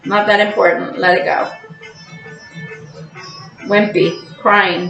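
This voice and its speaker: A woman's voice: mid-range voice, slow pace, gravelly, long pauses, roomy sound, soft background music, poor audio. A woman hosting a tarot channel, talking casually about balance and acting out emotional outbursts as she goes. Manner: animated, acts out emotional outbursts. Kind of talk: casual spiritual monologue.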